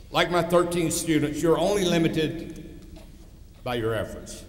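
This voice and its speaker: An older man delivers a commencement address in a blunt, storytelling way, hitting short lines hard. His voice sits a little high. The sound carries a long, roomy echo from a large hall. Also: expressive, unhurried, long pauses. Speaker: commencement speaker. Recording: echoey hall from far off.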